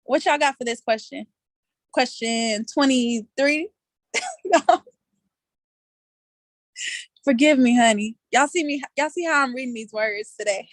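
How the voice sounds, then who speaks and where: Outdoors on a video call, the same kind of session host leads a relaxed online quiz, joking, laughing frequently and talking in colloquial slang. Her voice is a little high, her pace moderate, and the sound dry.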